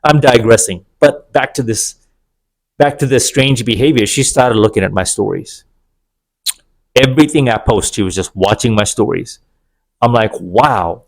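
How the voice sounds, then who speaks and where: Opinionated man telling a dating story. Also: medium pitch. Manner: sarcastic, opinionated storytelling with digressions. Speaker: vlogger. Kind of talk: casual monologue to camera.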